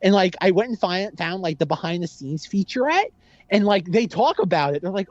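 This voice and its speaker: A man chatting casually on a movie podcast, rambling with a constant "like" and acting out lines from the films. His pitch swings widely as he talks. The sound is dry and a little dull, like a home mic with the top end cut. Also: fairly quick, dry recording. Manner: rambling, heavy use of "like", lively impressions. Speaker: podcast co-host. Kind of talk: casual film discussion.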